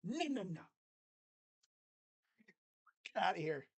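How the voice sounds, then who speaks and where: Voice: mid-range voice, animated, slow pace, husky, heavily acted. A sports fan briefly acting out a defiant basketball big man who taunts an opponent after a block, firing off indignant rhetorical questions. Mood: taunting. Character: defiant male basketball center swatting a shot.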